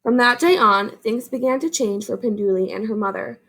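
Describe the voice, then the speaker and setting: A woman teacher reading a picture book aloud to her class, then gently explaining its lesson. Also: on the high side, animated, moderate pace, low-quality recording. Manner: gentle, explaining, asks "right?".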